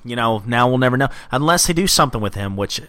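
A man co-hosting a casual podcast chat, excitedly recapping comic scenes. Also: medium pitch, quick pace. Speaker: podcast co-host.

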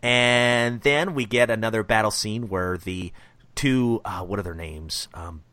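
A man's voice: lowish voice, a little slow, bright, forceful tone, no room sound. A man hosting a casual comic book review chat, enthusiastic and a bit rambling. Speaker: podcast host.

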